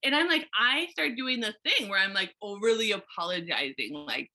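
A woman hairstylist telling a story in casual chat, animated and full of "like" and restarts. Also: medium pitch, moderate pace.

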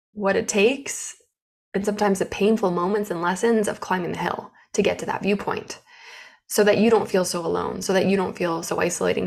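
A woman's voice: mid-range voice, gravelly. A woman who runs her own business, talking openly and emotionally about setbacks in a candid personal vlog. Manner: open, emotional, animated storytelling. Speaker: business owner.

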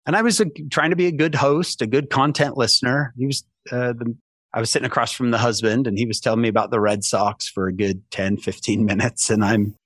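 Male guest, average pitch, chatty storyteller full of asides, close dry recording. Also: fairly quick, no echo. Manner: animated, self-mocking anecdote teller; many restarts and asides like "right?". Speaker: podcast guest. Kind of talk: casual storytelling.

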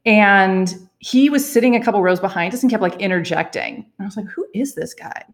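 A woman's voice: medium pitch, a little fast. A young adult woman, a doctor, casually telling a personal story, laughing often and acting out what people said. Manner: animated, laughs often, acts out quoted lines. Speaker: physician telling her story.

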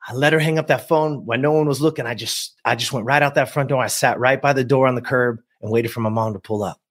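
A man's voice: medium pitch, fairly even intonation, fast, fairly bright tone. A man in his fifties from the US West Coast, a coach telling a personal story with emphasis and speaking straight to his listeners. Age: 50s. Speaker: guest, productivity coach.

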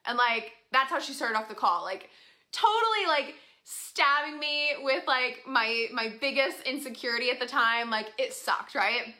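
A woman's voice: high-pitched, expressive, normal speed, pushed and bright. A young woman casually telling a story to her viewers, chatty and full of "like" fillers, laughing often. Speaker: vlogger.

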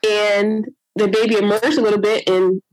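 A woman casually telling a long personal story as an interview guest, animated, full of "I'm like" and "you know", acting out her own past words in a higher voice. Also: moderate pace, no room sound, rough recording.

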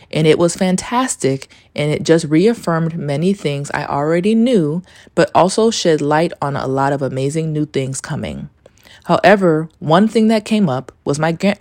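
A woman's voice: low-pitched, darkish tone, dry recording, studio quality. A woman hosting a casual solo podcast, telling a story in a rambling way. She fills her talk with "like" and swears casually. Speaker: podcast host.

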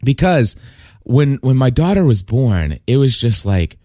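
A middle-aged man reflecting on faith and fatherhood in an earnest, halting way, often restarting his words. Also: medium pitch, sing-song, warm tone, dry recording, clean studio sound. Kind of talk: casual spoken reflection.

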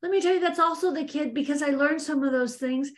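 Middle-aged woman, business coach, faith-based leadership talk, earnest and lively, slightly high voice. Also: quick pace. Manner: earnest, animated, addresses listeners as ladies. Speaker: business coach teaching women.

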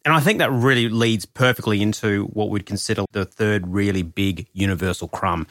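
A man in his forties hosting a podcast, telling stories in an animated way with sudden rises in pitch. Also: brisk, no room sound, clean studio sound. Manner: animated storyteller, pitch jumps when excited. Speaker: podcast host. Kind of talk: casual podcast chat.

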